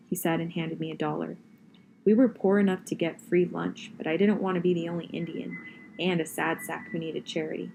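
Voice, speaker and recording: A woman reading a novel aloud in a steady, first-person audiobook style. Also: fairly low pitch, brisk, vocal fry, a little hiss or hum. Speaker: reader.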